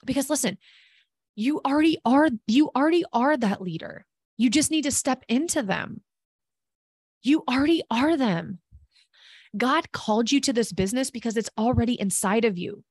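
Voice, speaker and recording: A woman's voice: on the high side, animated, moderate pace, a little mellow, breathy edge, no room sound, clean studio sound. A woman hosting a podcast, giving a fervent, preachy motivational monologue with tough love and talk of faith. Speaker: podcast host and business coach.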